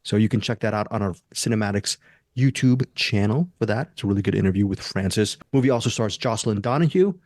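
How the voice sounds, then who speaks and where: A man's voice: lowish voice, quick pace, a little mellow, dry recording, studio quality. A man hosting a casual movie review podcast, talking enthusiastically and rambling with restarts. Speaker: podcast host.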